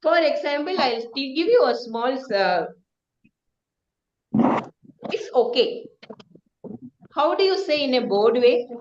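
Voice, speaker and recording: A woman's voice: high-pitched, expressive, slow, long pauses. A woman teaching a lesson on vocal variety, asking the class questions and demonstrating with singing and acted tones. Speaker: speech trainer. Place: classroom or hall with students. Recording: dull roomy hall recording.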